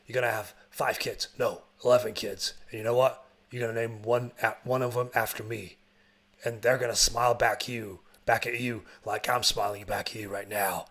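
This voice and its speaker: A man voicing a rambling older male priest who keeps brooding over the war, in a low mutter. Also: little pitch movement, moderate pace, fairly bright tone. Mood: earnest.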